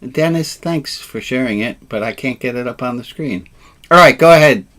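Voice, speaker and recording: A man leading a relaxed, informal service, joking and self-deprecating, with sarcastic asides. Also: medium pitch, moderate pace.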